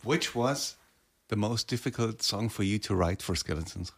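A male interviewer asking brief, quiet questions, heard from away from the microphone. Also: on the low side, moderate pace, gravelly, slightly rough.

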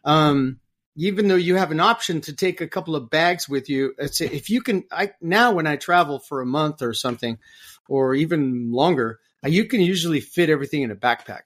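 Animated man with a slightly high voice. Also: fairly quick. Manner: animated, voices other people in anecdotes; repeats words while searching for phrasing. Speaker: podcast guest. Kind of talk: conversational interview.

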